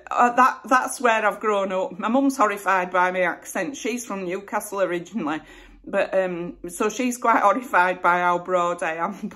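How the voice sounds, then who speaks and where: With a fairly bright, mid-range voice, a middle-aged woman from Bradford, England, chats her way through a casual Q&A vlog. Her West Yorkshire accent comes through as she rambles and corrects herself.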